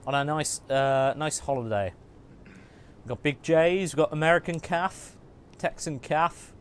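A man's voice: fairly high pitch, lively intonation, unhurried, smooth. A man streaming a game, chatting and joking and muttering asides to himself as he plays. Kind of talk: casual gaming commentary.

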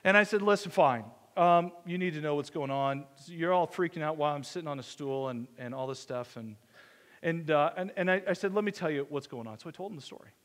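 Brisk and a little high-pitched, a male pastor shares a personal anecdote in a conversational sermon, poking fun at himself and performing the dialogue. The sound bears the lingering reverb of a church hall.

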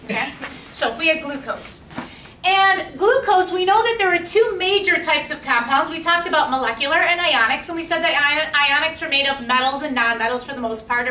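A woman teaching high school chemistry in a classroom lecture. She asks the class questions and repeats their answers back to them. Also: pushed and bright, slight background noise. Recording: echoey classroom, mic at a distance.

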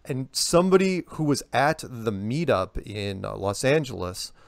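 A man telling stories in a casual interview, rambling from one tale to the next and acting out the voices of the people in them. His voice sits at an ordinary middle pitch, recorded close and dry with no room sound. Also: unhurried, gravelly, dry recording. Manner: rambling, animated storyteller acting out quotes. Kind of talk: casual phone interview storytelling.

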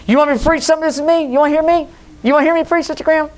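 A man's voice: very fast, a little hiss or hum. Male pastor, fiery revival preacher, middle-aged, big swings in volume. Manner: preachy, swings between loud and low, mocks voices. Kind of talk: Pentecostal sermon. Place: church sanctuary.

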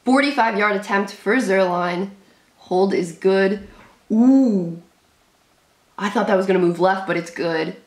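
A woman's voice: mid-range voice, roomy sound. A young woman hosting a live reaction to a football game, calling plays and shrieking at the big moments. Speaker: sports reaction host.

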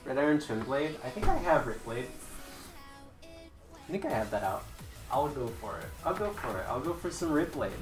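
A woman streaming a game with casual commentary, excitable and swearing, breaking into mock-angry yelling. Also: very deep voice, normal speed, long pauses. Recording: roomy with faint background music.

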